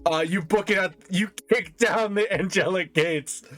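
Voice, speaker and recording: A man's voice: high-pitched, unhurried, fairly bright tone, faint music behind. Laughing man running a tabletop game. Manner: laughing often, loose and joking. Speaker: game master. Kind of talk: narrating a tabletop game, casual.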